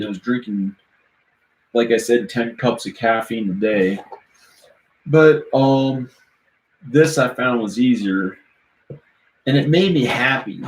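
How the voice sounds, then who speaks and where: A man vlogging on a live stream, rambling in casual chat and chuckling at his own silly rhymes. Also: medium pitch. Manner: rambling, laughs at own silly rhymes, slow sing-song chanting. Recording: roomy echo, faint background noise.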